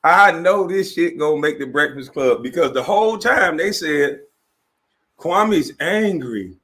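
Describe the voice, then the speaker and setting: A man's voice: fairly high pitch, expressive, a little slow, a bit bright, husky. A man in his forties, a former basketball player, ranting in a mocking, profane way, laughing as he talks and acting out the people he quotes. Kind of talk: animated profane rant.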